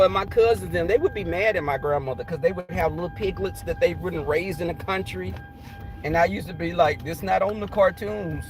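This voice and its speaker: A man's voice: high voice, poor audio. A man with a cold telling funny stories in a laughing, salty-mouthed way on his livestream. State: has a cold. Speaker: livestream host. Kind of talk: casual storytelling.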